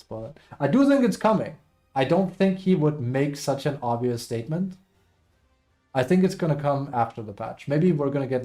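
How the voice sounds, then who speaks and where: A man's voice: mid-range voice, warm tone. A man streaming live and chatting casually with viewers, rambling and self-deprecating as he reads chat aloud.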